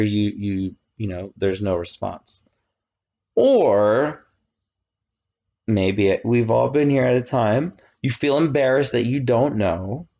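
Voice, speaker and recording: A man in his thirties giving a casual, animated classroom lecture, often checking that students follow. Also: mid-range voice, dull audio. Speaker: college lecturer.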